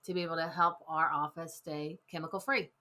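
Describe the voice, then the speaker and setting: A woman with a slightly low voice co-hosts a relaxed health conversation. She talks eagerly and chimes in to build on her partner's points, recorded in an office. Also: brisk. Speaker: podcast co-host. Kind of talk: casual health chat.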